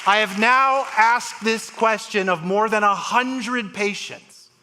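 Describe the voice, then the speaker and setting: A man's voice: sits high, slow pace, some chatter behind, a little hiss or hum. A man giving a storytelling talk on stage as a transplant surgeon, acting out the voices of his patients. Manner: animated, acts out patients' voices. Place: large live event hall.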